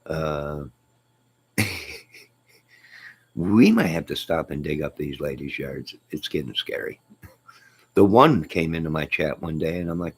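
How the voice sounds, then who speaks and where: A man's voice: a bass voice, expressive, unhurried, pauses often, breathy edge. A man hosting a casual live stream, reading viewer comments and joking with them in a teasing, chuckling way.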